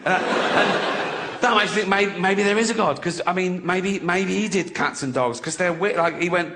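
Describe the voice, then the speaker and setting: A man in his sixties performs a crude, conversational stand-up routine, often chuckling at his own jokes while loud audience laughter plays behind him. His voice is high-pitched and his pace measured. There is a little hiss or hum in the recording.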